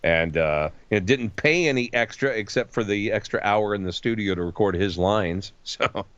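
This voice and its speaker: A middle-aged voice actor telling lively anecdotes in a casual interview. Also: male voice, fairly low pitch, moderate pace, clear, resonant tone, no room sound, highs cut off. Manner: animated anecdotes with voice impressions. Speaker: voice actor guest.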